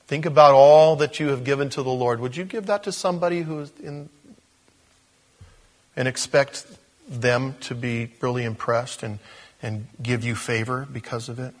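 Husky-voiced man preaching with humor. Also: medium pitch, normal speed. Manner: conversational and humorous, with acted quotes and laughs. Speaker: pastor. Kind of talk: sermon.

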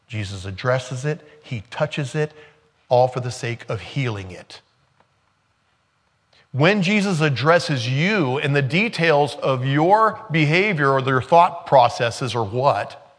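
A man preaching a sermon in a relaxed, conversational way. His voice sits at an ordinary middle pitch. He slows down to stress points and breaks off into joking asides and laughter. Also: big-room sound. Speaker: pastor.

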